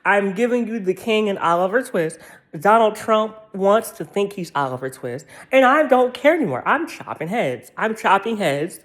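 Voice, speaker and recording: A woman's voice: medium pitch, lively intonation, normal speed. An American woman ranting in a vlog, profane and rambling, laughing through her anger. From United States. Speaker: vlogger.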